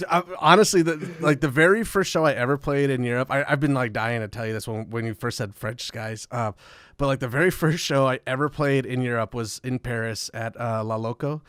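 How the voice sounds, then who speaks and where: A man's voice: medium pitch, a little fast, fairly bright tone, clean tone, no echo. A man guest on a podcast, telling rambling, profane tour stories in casual chat and laughing often. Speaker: podcast guest, metal musician.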